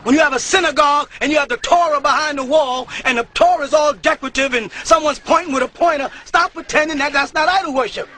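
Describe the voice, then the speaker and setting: A man preaching to a live congregation, emphatic and often breaking into shouts, with chuckles at his own points. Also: extremely high pitch, fast, few pauses. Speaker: religious teacher addressing a congregation. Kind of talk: live sermon-style lecture. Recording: live talk with audience murmurs.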